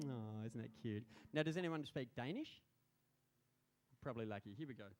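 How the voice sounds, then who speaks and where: A man's voice: mid-range voice, sing-song, brisk, over loud music. A man, a musician chatting playfully between songs at a small live venue. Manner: playful, chatty, self-mocking. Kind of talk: stage banter between songs.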